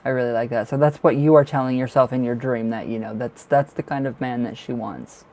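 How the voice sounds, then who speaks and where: A man's voice: mid-range voice, fairly quick, a little mellow. Chatty man doing live tarot readings. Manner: chatty, reassuring, emotional, lots of fillers. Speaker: tarot reader.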